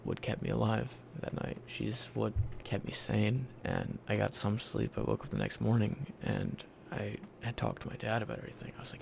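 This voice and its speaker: A man's voice: on the low side, flat delivery, normal speed, gravelly, hardly any pauses, background noise. A young man from Virginia casually telling his life story in a blunt, profane, candid way, acting out what people said to him. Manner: blunt, profane, candid, acts out quoted lines.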